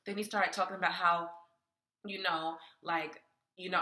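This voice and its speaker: A woman from New York telling a personal story to her viewers in a casual, animated way, often calling them y'all and laughing. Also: lowish voice, moderate pace. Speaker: spiritual vlogger and tarot creator. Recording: echoey room.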